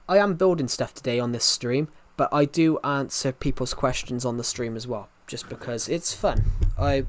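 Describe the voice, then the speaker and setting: A young man live streaming and chatting with viewers in a rambling, jokey way, with a thick accent and lots of restarts. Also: mid-range voice. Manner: rambling, with many restarts and false starts; self-deprecating and jokey. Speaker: livestreamer. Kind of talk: casual livestream chat answering viewers.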